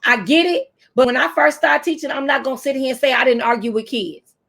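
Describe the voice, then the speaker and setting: Animated high-pitched woman in her fifties. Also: brisk, creaky. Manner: animated, preacherly, speaking in AAVE. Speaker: teacher trainer. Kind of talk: talking to camera.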